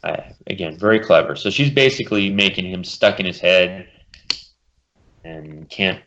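A man with a fairly low voice talks through a comic book plot in casual podcast chat. He keeps up the recap with his own asides. The recording sounds dull and lo-fi. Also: pushed and bright, a little hiss or hum. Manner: summarizes plots and puts on quick character voices.

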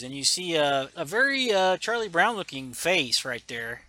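An animated man chatting casually and retelling a comic with sound effects. His voice sits a touch high and sounds bright and forceful. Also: moderate pace, few pauses, slight background noise. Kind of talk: casual chat, reading a comic aloud.

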